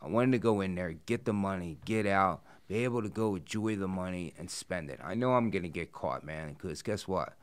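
Gruff deep-voiced man, blunt and profane. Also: a little fast, hardly any pauses. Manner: blunt, profane storytelling with frequent fillers. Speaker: professional wrestler, guest. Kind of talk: casual interview talk. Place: studio interview set.

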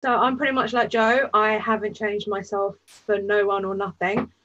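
A woman's voice: medium pitch, little pitch movement, normal speed, a bit bright, lo-fi sound. A woman with an East London accent that slides toward RP, speaking bluntly and with self-assurance in a panel discussion. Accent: East London, shifting toward RP.

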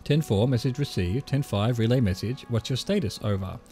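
Aussie guy doing rattly old radio dispatcher, all formal code talk, soft music behind. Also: mid-range voice, a little fast, natural voice. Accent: Australian. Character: rattly-voiced old male radio operator.

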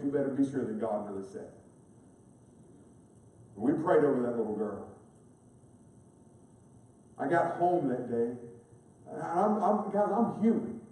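A man's voice: on the high side, warm tone. A man preaching a sermon as a pastor, telling a story with passion and building to emphatic peaks in a large chapel. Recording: echoey chapel, voice from far off.

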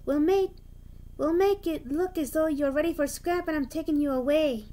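A woman's voice: high voice, normal speed, mellow, lightly acted. Douglas, a woman doing an eager engine. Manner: raised, eager voice.

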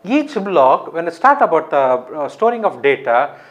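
A man's voice: on the high side, very animated, normal speed, highs cut off. A man giving a recorded lecture, explaining step by step, often asking his own questions and answering them.

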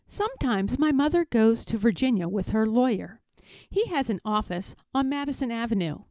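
A woman reading a children's picture book aloud in a playful, expressive, emphatic way. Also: a little high, moderate pace, dry recording. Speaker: read-aloud narrator.

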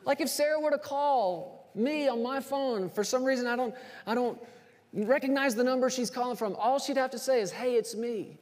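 A man preaching a sermon as pastor, animated and acting out everyday scenes. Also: very high-pitched, moderate pace. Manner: animated storyteller, acts out phone calls. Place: church sanctuary. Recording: long church reverb.

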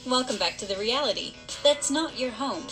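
A woman's voice: sits high, normal speed, low-quality recording. A woman reading a scripted countdown narration in a teasing, rhetorical manner, played from a video. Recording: played clip with loud music bed.

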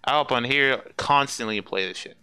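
A man's voice: mid-range voice, fairly quick, bright, forceful tone, clear, resonant tone. A man streaming a fighting game, commentating his matches with profane, exasperated trash talk. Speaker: gaming streamer.

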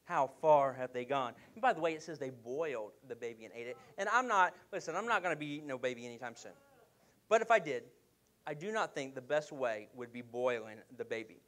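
A man's voice: mid-range voice, fairly quick. A man preaching a sermon as pastor, telling stories with jokes and putting on voices for the characters. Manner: lively storytelling with jokes and acted voices.

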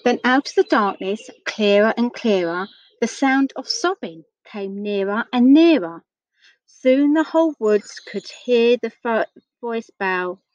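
A woman reads a picture book aloud to young children, gentle and slow. Her voice is fairly high and very lively, rising and falling as she asks her listeners questions. The recording is dull and dry. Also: no echo. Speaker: storyteller.

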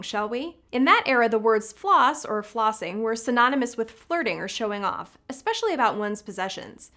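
Playful woman hosting with a lively voice. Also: on the high side. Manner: playful, jokey asides. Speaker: host, editor-in-chief. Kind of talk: scripted educational video presentation.

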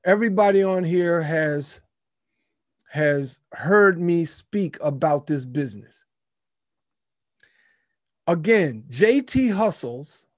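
Upbeat southern host, highish voice, dry close sound, repeats himself, laughs a lot. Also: male voice, dry recording. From Memphis, Tennessee. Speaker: webinar host. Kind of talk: casual webinar talk. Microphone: video call.

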